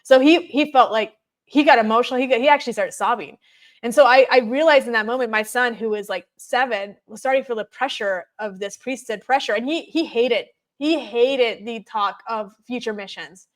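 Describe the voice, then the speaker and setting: A woman in her thirties, a podcast guest, telling her story in an animated way and acting out her children's words. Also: on the high side, fairly quick. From United States. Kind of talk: personal testimony in a podcast interview.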